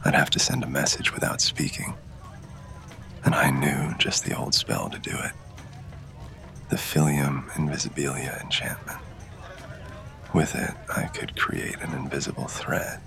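A man narrating in first person as a winged fae lover, in a whispered role-play with close, intimate, breathy delivery. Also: a bass voice, fairly even intonation, unhurried, pauses often, bright, forceful tone.

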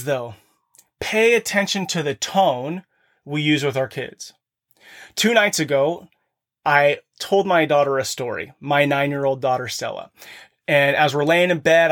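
Earnest dad podcast host, kinda high voice, talking right at the listeners from his office. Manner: earnest, addresses listeners directly. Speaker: podcast host speaking to fathers. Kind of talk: motivational monologue. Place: home office.

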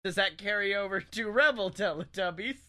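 A man from Alabama co-hosts a comedy podcast with a high, bright voice. He talks in crude, profane banter. He laughs often at his own jokes. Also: a little fast. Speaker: podcast co-host.

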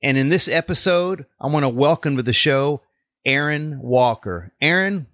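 A man's voice: fairly high pitch, lively intonation, normal speed, a bit bright, no room sound, studio quality. A man with a Texas accent hosting a faith podcast interview, upbeat and welcoming. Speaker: podcast host and life coach.

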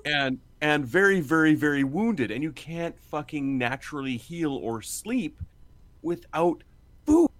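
A man's voice: a little high, very animated, measured pace, fairly bright tone, dry recording. A man telling a story in casual chat, laughing often, swearing freely and acting out the lines.

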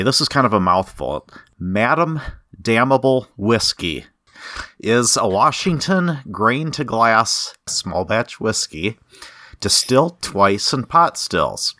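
A man's voice: fairly low pitch, pushed and bright, no echo. A man co-hosting a casual podcast, presenting a whiskey and reading its tasting notes in a dry manner.

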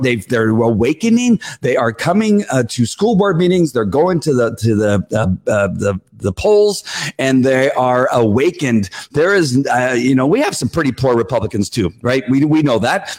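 A man's voice: medium pitch, darkish tone. A man giving a rambling, heated speech, ranting bluntly with many fillers and restarts while he gets sweaty and worked up. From California. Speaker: political speaker. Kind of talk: rally speech.

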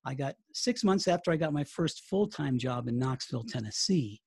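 A chatty American man in his fifties tells stories in a relaxed interview. His voice is gravelly and a little husky, and the sound is close and dry. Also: mid-range voice, moderate pace, no echo. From United States. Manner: storytelling, chatty, with laughs and restarts. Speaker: interview guest, writer and former radio broadcaster. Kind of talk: casual interview chat.

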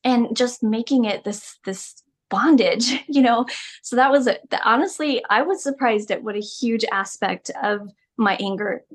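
A woman's voice: on the high side, a little slow. A middle-aged woman, a podcast guest, telling her personal story in a candid, emphatic way and laughing often.

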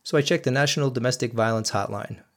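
A man's voice: medium pitch, fast talker, a bit bright. A man hosting a podcast, telling a personal story in an earnest, emphatic monologue aimed straight at his listeners. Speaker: podcast host.

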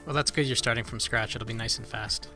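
Bright-toned male podcast guest. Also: medium pitch, fairly even intonation, quick pace, soft background music. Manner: joking, hesitant. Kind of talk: casual tech podcast chat.

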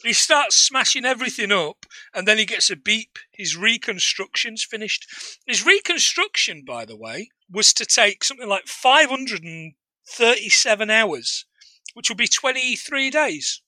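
Bright, high-voiced man chatting about films. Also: a little slow, no echo, rough recording. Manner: animated, jokey, laughs often. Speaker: podcast co-host. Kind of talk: casual film review chat.

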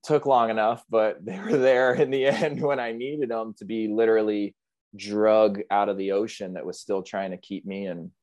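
A man with a fairly low voice tells his story as an interview guest. He talks in a vivid, earnest, reflective way. The sound is dry and close. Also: fairly even intonation, moderate pace, darkish tone, no echo, highs cut off. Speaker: podcast guest, big wave surfer.

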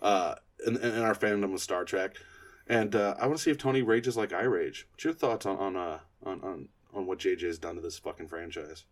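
A man's voice: deep voice, brisk. Profane stammering male podcast host. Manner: profane, stammering rants about fandom. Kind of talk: casual chat.

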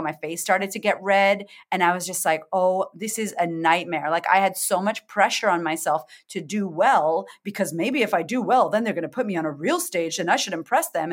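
A middle-aged woman, a confidence coach, telling stories expressively in a casual interview, acting out her own thoughts and laughing often. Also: medium pitch. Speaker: confidence coach, podcast guest. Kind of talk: animated storytelling in casual interview.

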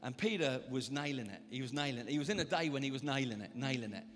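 A man preaching a lively sermon as pastor, acting out the voices he quotes. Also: mid-range voice, fast, faint music behind. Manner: animated, acts out quoted voices. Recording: reverberant church hall.

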